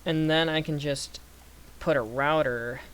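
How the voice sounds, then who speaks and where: A young man giving casual gameplay commentary, thinking aloud through numbers and getting excited when things work. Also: on the high side, unhurried, smooth. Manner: excited bursts. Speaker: gaming youtuber. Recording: faint background noise.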